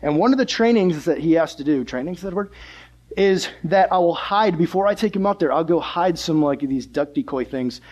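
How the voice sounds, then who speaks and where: A young man preaching a lively, conversational sermon as a youth pastor. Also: a little high, a little fast.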